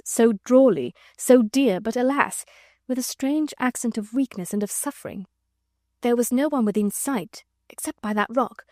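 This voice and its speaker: A woman narrating a classic novel as an audiobook in a measured, expressive way, recorded on a close mic. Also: medium pitch, no echo. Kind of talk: scripted narration.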